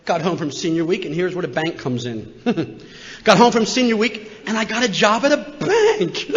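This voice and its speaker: A man in his sixties from Philadelphia, telling a humorous personal story as a recovery meeting speaker, animated and acting out the voices of people in it. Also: high voice, normal speed. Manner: animated, jokey, acts out voices. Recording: muffled, long hall reverb.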